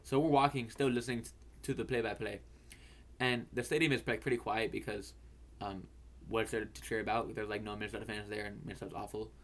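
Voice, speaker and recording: A man's voice: fairly low pitch, fairly even intonation, quick pace. A young man hosting a fantasy football video, telling a story in a rambling way, stammering and repeating words and swearing casually.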